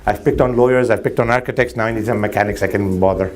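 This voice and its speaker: A man's voice: lowish voice, fast talker. A man preaching a sermon to a congregation, joking with the audience and acting out little dialogues. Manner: animated, jokes with audience, acts out dialogue. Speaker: Muslim preacher. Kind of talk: sermon with anecdotes. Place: mosque hall before a crowd.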